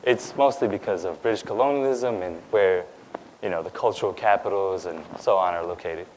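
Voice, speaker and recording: A man's voice: sits low, fairly quick, darkish tone, slight background noise, low-quality recording. A young man from India who grew up in Dubai, giving a personal talk on stage in a conversational way, with frequent fillers and "right?" asides. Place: lecture stage.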